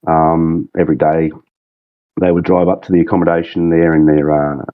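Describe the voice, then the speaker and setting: Australian man, very deep voice, rambling laid-back podcast guest, dry slightly dull audio. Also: little pitch movement, normal speed, no room sound. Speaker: guest, game mod creative director. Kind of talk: casual podcast chat.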